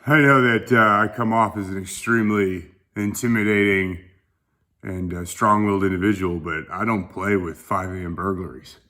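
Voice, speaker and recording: A young man with a lowish voice, fairly flat intonation and a bright, forceful tone talks at a normal pace to his phone. He's filming a casual vlog about building his car in the garage, rambling and making self-mocking jokes.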